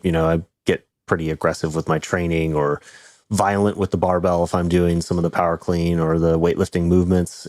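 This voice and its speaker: A man's voice: sits low, a little mellow, no room sound. A man hosting a podcast, speaking candidly and reflectively in casual conversation. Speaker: podcast host.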